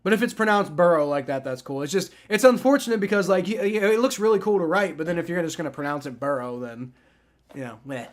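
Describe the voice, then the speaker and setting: A man's voice: sits high, fast talker. A man hosting a live football reaction stream, talking casually and rambling, with frequent restarts and swearing. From family from the American South. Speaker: livestream host.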